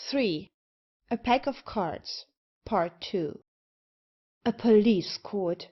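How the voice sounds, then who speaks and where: Woman, audiobook narrator, measured, very slow, muffled lo-fi recording. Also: mid-range voice. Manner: measured, deliberate reading. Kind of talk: scripted narration of a Victorian story. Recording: dull lo-fi recording.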